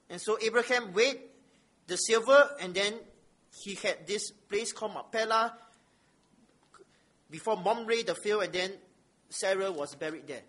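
A man's voice: sits high, a little slow, long pauses, bright, forceful tone. A man preaching a sermon, reading scripture aloud and asking the listeners rhetorical questions with emphasis.

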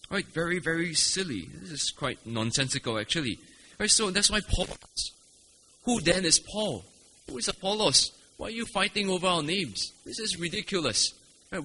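A man's voice: mid-range voice, pushed and bright, slight background noise. A man preaching an expository sermon, explaining patiently with rhetorical questions and frequent "right?" checks. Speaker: pastor. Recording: long hall reverb, faint ambience.

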